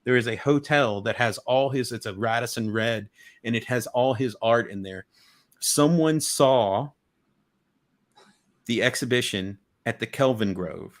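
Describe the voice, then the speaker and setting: A guest collector chats casually on a video call, rambling enthusiastically and restarting his sentences often. His mid-range voice has an unhurried pace.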